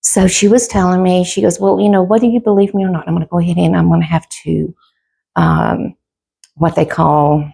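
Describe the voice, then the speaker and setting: A middle-aged woman tells a rambling personal story, heavy with fillers. Her voice is deep, strongly gravelly and dark. It carries a husky edge. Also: little pitch movement, fairly quick. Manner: rambling, full of fillers and quoted back-and-forth. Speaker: vlogger telling a personal story. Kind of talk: casual storytelling to camera.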